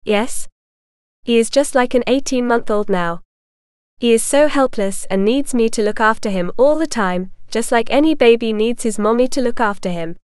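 A woman reading the part of a calm, self-assured woman who answers in a matter-of-fact way. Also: fairly high pitch, normal speed, smooth, no room sound, studio quality, lightly acted.

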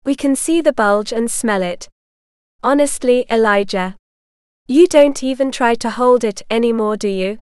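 A woman's voice: a little high, measured pace, a little mellow, clear, resonant tone, dry recording, clean studio sound, close to an everyday voice. A woman narrator voicing a teasing young woman with a sing-song, mocking manner.

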